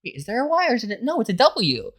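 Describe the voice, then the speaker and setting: A young adult podcast co-host from New Orleans, chatting casually and telling stories in a dramatic, expressive way. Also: mid-range voice, crowd noise. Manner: fast, expressive, dramatic storytelling. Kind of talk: casual chat.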